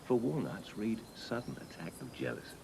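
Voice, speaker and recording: A man's voice: mid-range voice, expressive, brisk, creaky, background noise. An actor playing a pompous, grumbling middle-aged man with a wry manner.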